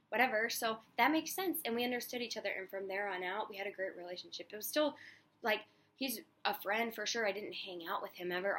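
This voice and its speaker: A woman's voice: medium pitch, fairly bright tone, slight background noise. Chatty young woman vlogging on a walk. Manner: chatty, heavy use of "like", acts out quoted people. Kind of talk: casual personal vlog. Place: outdoors on a beach, walking.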